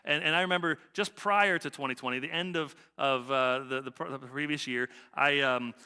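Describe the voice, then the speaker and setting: In a church sanctuary thick with long reverb, a middle-aged man preaches a sermon with a personal story, talking conversationally, repeating himself and tossing in "right?" again and again. His mid-range voice runs a little fast, sounding pushed and bright yet clean.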